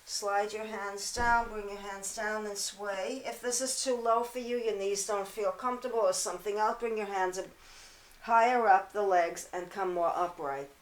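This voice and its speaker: A woman teaching a pilates mat class, counting reps and cueing breath with a slightly hoarse voice and chatty asides. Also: mid-range voice, fairly even intonation, normal speed, echoey room, low-quality recording. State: throat-clearing, hoarse from allergies. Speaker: pilates instructor. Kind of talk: guided workout instruction.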